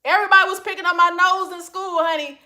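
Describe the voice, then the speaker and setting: Livestreaming casually from her phone, a woman reads out comments and answers them with sass, calling everyone honey. Her voice is very high, steady in tone, fast, pushed and bright.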